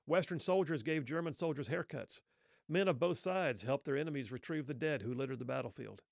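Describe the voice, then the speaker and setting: A middle-aged man telling a story earnestly, with rhetorical questions and pauses. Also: medium pitch, vocal fry, no room sound, clean studio sound. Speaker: speaker telling a Christmas story. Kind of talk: reflective spoken storytelling.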